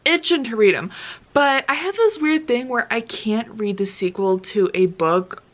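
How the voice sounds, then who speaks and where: A woman chatting casually at home in a book vlog, gushing and excitable, with lots of filler words. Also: a little high, normal speed. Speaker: book vlogger.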